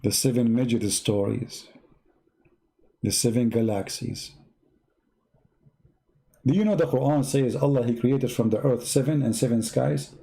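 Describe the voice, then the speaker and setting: A man's voice: medium pitch, a little slow, gravelly, long pauses, mellow. A man with an Arabic accent, a native Arabic speaker, giving sarcastic religious commentary in broken English. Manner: sarcastic, broken grammar, repetitive counting. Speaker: host.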